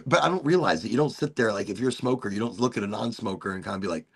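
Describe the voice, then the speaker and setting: Gravelly man telling a rowdy story. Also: fairly low pitch, rapid-fire. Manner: animated, swearing, slips into mock British accents for quoted people. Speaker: host. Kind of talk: casual storytelling chat.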